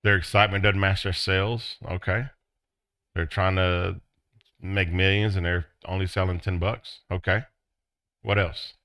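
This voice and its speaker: A middle-aged man teaching a business class, acting out excited quotes in a high voice. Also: measured pace, no echo. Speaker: business instructor. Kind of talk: classroom lecture.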